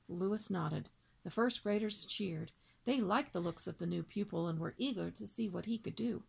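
A woman reading a children's novel aloud in a steady storytelling manner. Her voice is gravelly with a husky, breathy edge, at an ordinary middle pitch. She makes the occasional slip and corrects herself as she goes. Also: normal speed, low-quality recording. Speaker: reader.

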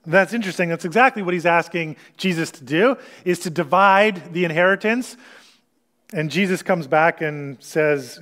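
High-voiced man preaching a sermon. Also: fairly bright tone. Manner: earnest, explanatory teaching with pauses and restarts. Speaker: pastor.

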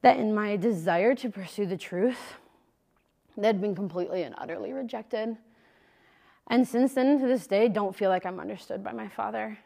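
Gravelly young woman giving a faith talk. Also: mid-range voice, moderate pace, mellow. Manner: conversational and emphatic, speaks straight to listeners. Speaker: missionary speaker. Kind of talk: faith talk to a live group.

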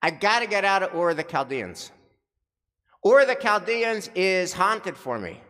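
A worn-down elderly father, plain-spoken and urgent with grief, as a preacher puts him on. He comes through in a fairly high, bright voice, and the words trail off into a long hall reverb. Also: big pitch swings, moderate pace. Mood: weary, anguished. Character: grief-stricken elderly father fleeing loss.

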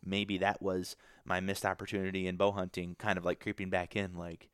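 A man's voice: deep voice, completely flat delivery, brisk, smooth, no echo, clean studio sound. A young man from Michigan, a podcast guest, telling a hunting story in a casual, rambling way with many fillers and restarts.

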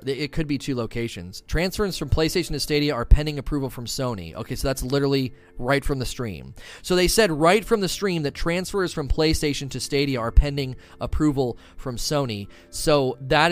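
A man commentating live on a stream, excitable, with quick bursts of enthusiasm and fillers. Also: fairly high pitch.

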